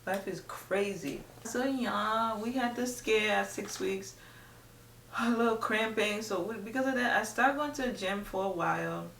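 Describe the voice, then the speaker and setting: A woman's voice: medium pitch, unhurried, fairly bright tone. A young woman chats casually to her viewers, rambling and filling gaps with "like" as she goes. Her voice bounces around an echoey room and sounds a little distant from the mic, with a faint hum of room noise under it. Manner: chatty, rambling, lots of "like". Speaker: vlogger. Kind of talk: casual chat to camera.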